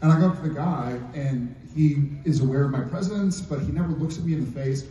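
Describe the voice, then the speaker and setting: A man on a convention panel, telling an animated story with playful asides. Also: fairly high pitch, a little fast, a little hiss or hum. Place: large convention hall. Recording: dull echoey hall sound from a distance.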